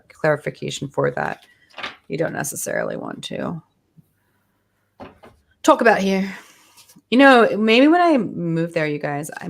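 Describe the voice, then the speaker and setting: A woman's voice: low-pitched, gravelly. A woman co-hosts a spiritual livestream over a video call, chatting easily. She is playful and friendly as she thanks viewers and keeps things moving. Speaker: co-host. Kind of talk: casual livestream chat.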